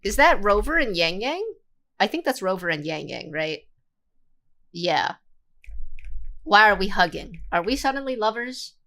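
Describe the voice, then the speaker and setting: Animated, sarcastic young woman streamer. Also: medium pitch, a little slow, pauses often. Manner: animated, sarcastic, swears freely. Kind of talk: casual livestream reaction.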